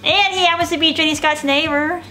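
A young woman from Tennessee chats as an interview guest, giving short, earnest answers with the odd playful aside. Her voice sits high and bright. Soft music plays faintly underneath. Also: fairly even intonation, fairly quick. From Tennessee, USA. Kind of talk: casual interview while baking.

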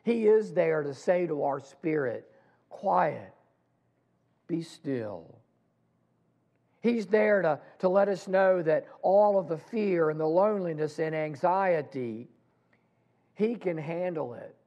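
Male pastor, sermon, slow deliberate delivery, fairly high gravelly voice. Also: warm tone, highs cut off. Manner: slow, deliberate preaching with pauses and restarts.

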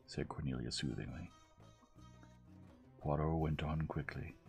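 A man giving a gentle, unhurried audiobook narration. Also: extremely low pitch, vocal fry, faint music behind. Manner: soft, unhurried. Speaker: audiobook reader.

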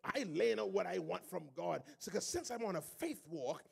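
A male pastor with a Bahamian accent preaching a sermon in church, swelling into shouted, sing-song cadences. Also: sits high, lively intonation, moderate pace, vocal fry, breathy edge.

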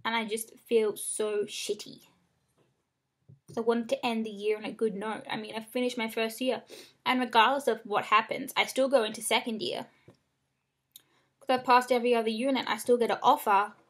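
A young woman with a slightly high voice speaks straight into a close camera in a small room. She vents in a rambling, upset and frank way, swearing often as she goes. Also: level tone, moderate pace, a bit bright. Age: young adult. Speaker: vlogger. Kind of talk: casual venting to camera.

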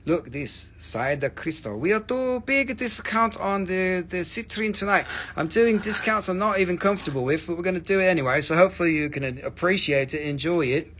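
A man's voice: high voice, expressive, fairly quick, hardly any pauses, fairly bright tone, a little hiss or hum. A man hosting a live crystal sale, joking and teasing viewers, swearing freely and acting out mock despair over his own discounts. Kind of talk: joking live sales chat.

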